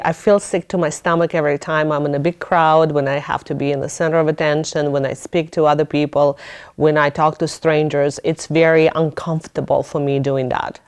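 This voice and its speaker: A woman hosting a podcast in casual interview talk, telling stories with lots of animation and frequent laughs. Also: sits low. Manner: animated storytelling, laughing often; acts out her own thoughts in a raised voice. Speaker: podcast host.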